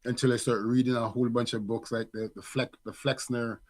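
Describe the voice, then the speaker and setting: A man's voice: medium pitch, level tone, brisk. Reflective middle-aged man, frequent restarts. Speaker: podcast co-host, father. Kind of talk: casual conversation.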